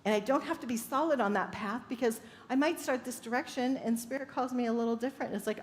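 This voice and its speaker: A woman's voice: on the high side, brisk, few pauses, slight background noise. A woman minister giving an upbeat sermon, telling stories and laughing often. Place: church sanctuary. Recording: echoey hall with faint ambience.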